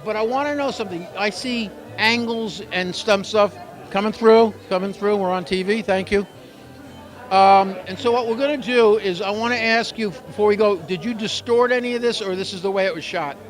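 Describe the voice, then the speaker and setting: A man's voice: sits high, normal speed, soft background music. A man hosting a local TV show on location at a busy photography exhibition opening, chatting and joking with a handheld mic. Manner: chatty, joking, rambling asides. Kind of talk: casual on-location interview.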